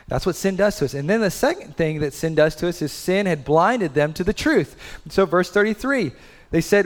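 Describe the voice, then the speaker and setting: Conversational pastor in an echoey hall. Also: male voice, a little high. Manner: conversational, rhetorical questions, acts out quotes. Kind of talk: sermon.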